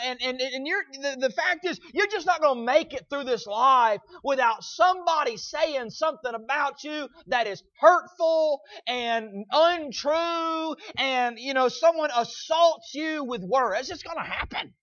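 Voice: high-pitched, a little slow, hardly any pauses, fairly bright tone, highs cut off. A preacher giving a sermon, emphatic and repetitive, with lots of fillers and asides asking the congregation to agree.

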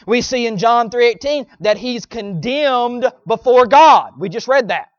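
A man's voice: very high voice, expressive, measured pace, dry recording. A man preaching a sermon in a folksy, emphatic style, with sarcastic asides to his congregation, on a dull lo-fi recording.

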